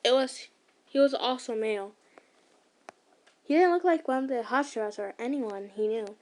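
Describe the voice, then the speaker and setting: An ASMR storyteller reads a fan story aloud to her listeners in a casual way, with slips, restarts and small asides along the way. Her voice is high and a little mellow.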